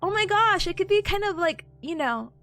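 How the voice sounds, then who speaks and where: Giggly woman streamer with a bright, crisp, high voice; playful, silly delivery with faint music behind. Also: animated, normal speed. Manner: giggly and playful, laughing often; silly, sings sound effects. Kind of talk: casual live-stream chat.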